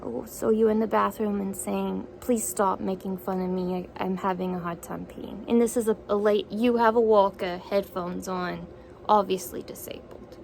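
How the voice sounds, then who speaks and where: A woman's voice: medium pitch, fairly even intonation, normal speed, gravelly, a little mellow, a little hiss or hum, poor audio. A woman in a one-sided conversation, repeating back what she hears and asking incredulous follow-up questions.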